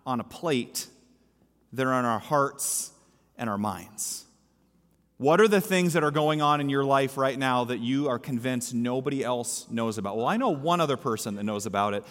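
A pastor whose voice sits on the high side, with a fairly bright tone, preaches a sermon in a church. He leans on emphasis and repeats his key lines. The sanctuary recording has an echoey hall and long reverb.

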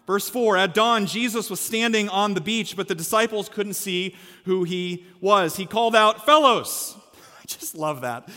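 A man preaching a lively, joking sermon as a pastor, acting out the lines he quotes. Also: high-pitched, moderate pace, few pauses, big-room sound. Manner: energetic, humorous, acts out quotes. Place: church sanctuary.

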